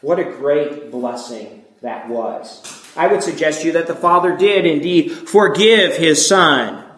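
A man's voice: on the high side, unhurried, a bit bright. A man preaching an expository sermon, earnest and explanatory, driving his points home with repetition. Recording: echoey room.

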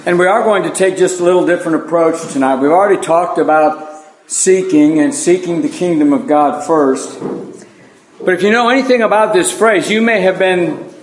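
High-voiced man preaching in an echoey room. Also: moderate pace. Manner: folksy, self-deprecating, with plain asides to the congregation. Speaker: preacher teaching an evening Bible lesson. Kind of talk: conversational sermon.

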